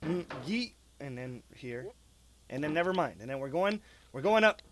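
A young man giving gameplay commentary, excitable, muttering one moment and yelling the next, swearing and talking to his character. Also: a little high, normal speed. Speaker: gaming YouTuber.

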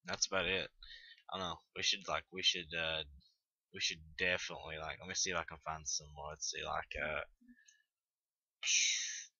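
A teenage man with a Tennessee Southern accent talks in a low, flat voice that stays on one pitch. He stumbles, trails off and swears offhand as he reads through a list of questions. His voice has a bright, hard edge, and the dull, dry lo-fi home mic adds no room sound. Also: moderate pace, long pauses, breathy edge, no echo. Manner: mumbling, hesitant, trails off, casual swearing. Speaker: vlogger reading an accent tag. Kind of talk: casual unscripted chat.

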